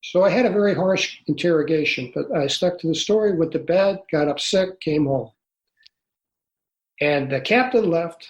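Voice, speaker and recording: Man in his 60s, interview guest, earnest, halting, somewhat high voice, echoey room. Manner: earnest, halting, with many restarts. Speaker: guest, author. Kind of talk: storytelling in an interview.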